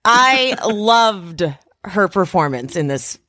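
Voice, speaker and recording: A woman's voice: medium pitch, sing-song, takes it slowly, pushed and bright, dry recording. A woman co-hosting a podcast in casual chat, playful and acting out little quotes. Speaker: podcast co-host.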